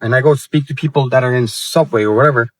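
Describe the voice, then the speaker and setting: A man's voice: mid-range voice, quick pace, no echo. A man in his late twenties, voice in an ordinary middle register, rants to his viewers in a heated, slangy way, swearing freely. The sound is close and dry, with no room around it. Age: 20s. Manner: heated, profane, slangy talk. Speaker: vlogger. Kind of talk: casual rant to camera.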